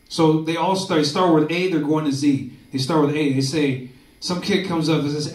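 A man's voice: a little high, a little fast. A man doing a loose, crude stand-up comedy set, often tagging lines with "dude". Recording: echoey room from far off, crowd laughter.

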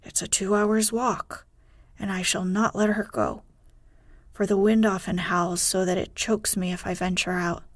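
A woman's voice: mid-range voice, steady tone, a little slow, no room sound, studio quality, lightly acted. Woman reading a stubborn old mountain grandfather. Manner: firm and unyielding. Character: stubborn, gruff old grandfather living alone.

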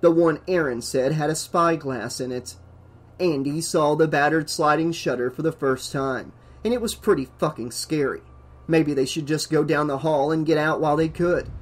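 Reading a horror novel aloud for an audiobook, this man follows a script at a steady, moderate speed. He has a higher-pitched voice and plays up every dramatic beat.

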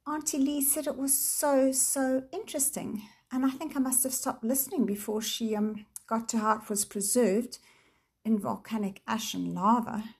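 A woman's voice: fairly high pitch, steady tone, moderate pace, a little mellow, slightly rough, voice pushed up. A woman playing a hesitant, sheepish girl. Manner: hesitant, faltering. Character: young girl Jane, hesitant and apologetic.

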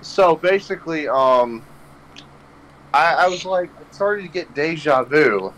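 A man's voice: a little high, animated, a little slow, fairly bright tone, poor audio. A young man hosting a podcast, telling a rambling story full of swearing and laughing at his own jokes. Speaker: podcast host. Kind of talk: casual storytelling chat.

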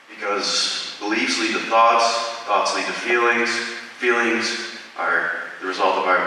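A man's voice: low-pitched, sharp tone. A man in his twenties from upstate New York giving a casual, earnest motivational talk to students, telling stories as a guest speaker. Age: 20s. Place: school hall. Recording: echoey hall from far off, faint hiss.

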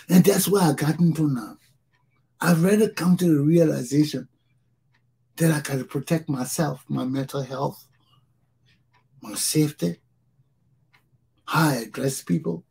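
A man's voice: on the high side, moderate pace, creaky, long pauses, dark tone, husky. A Liberian man hosting his own talk show, speaking in an impassioned solo monologue and repeating phrases for emphasis.

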